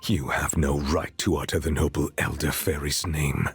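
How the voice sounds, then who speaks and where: Stern ancient cookie lord. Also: male voice, rumbling low, flat delivery, normal speed, breathy edge, dry recording, soft background music, full character voice. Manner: cold, solemn, contemptuous. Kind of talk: game voice acting.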